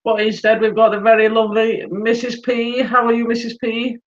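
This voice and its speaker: A high-pitched man runs a casual live stream, chatty and apologetic as he greets viewers by name. He has had a few drinks. The sound is dull and lo-fi. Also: completely flat delivery, a little fast.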